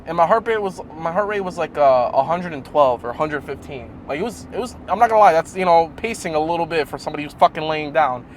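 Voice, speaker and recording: A man's voice: on the high side, fast talker, hardly any pauses, a little hiss or hum. Rambling, profane young man telling a story. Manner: swearing, rambling, animated storytelling. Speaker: fitness vlogger. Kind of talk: casual storytelling vlog.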